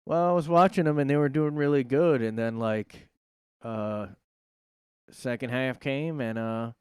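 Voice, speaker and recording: Guy from south jersey rambling into his mic at home, smooth clear voice, lots of uhs and likes, super dry sound. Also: mid-range voice, a little slow, a little mellow, no echo. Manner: rambling, filler-heavy and jokey. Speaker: podcast host. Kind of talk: casual solo monologue. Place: his own room.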